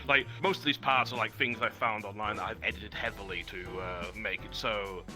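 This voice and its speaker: A man's voice: fairly low pitch, steady tone, normal speed, pushed and bright, faint music behind. An English man from the West Country, with a posh accent, chatting as a guest streamer in a wordy, self-deprecating way, laughing often. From West Country of England. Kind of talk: casual chat.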